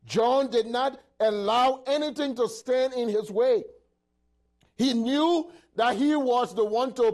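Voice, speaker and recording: A man preaching a sermon in an emphatic, halting way, with many repeated words and restarts. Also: very high voice.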